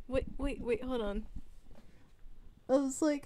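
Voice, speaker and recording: A young woman from the Southern United States, with a Southern American accent, chats casually with her live chat as a livestreamer and laughs often. Her voice is high, and she speaks slowly with frequent pauses.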